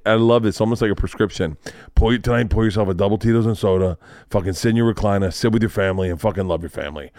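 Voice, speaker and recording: A man's voice: lowish voice, fast talker, darkish tone, dry recording, clean studio sound. A man hosting a podcast, telling rambling, profane stories in casual chat. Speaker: podcast host.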